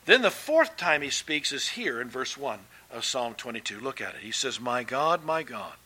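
A man preaching a sermon as pastor, emphatic and swinging between loud and soft, with conversational asides and restarts. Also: medium pitch, big pitch swings, normal speed, breathy edge.

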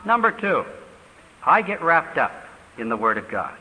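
Fast, fervent older male preacher. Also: fairly high pitch, very animated, bright, forceful tone, husky. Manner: rapid, fervent and emphatic. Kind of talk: sermon question-and-answer. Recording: reverberant hall, faint hiss.

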